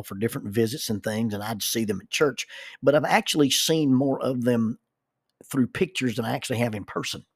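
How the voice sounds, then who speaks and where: Middle-aged man, folksy storyteller, gravelly and a bit husky, dry close sound. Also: medium pitch, no room sound. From southern United States. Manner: folksy, repeats words when starting sentences. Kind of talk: personal storytelling.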